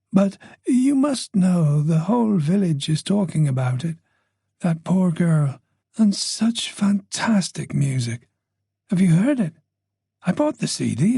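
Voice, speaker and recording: A man's voice: a little high, gravelly, warm tone, slightly rough, no echo, clean studio sound, full character voice. A man voicing a chatty, observant older woman with a faint Dublin accent, teasing and talking on in an audiobook. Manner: gossipy, teasing, talks on quickly.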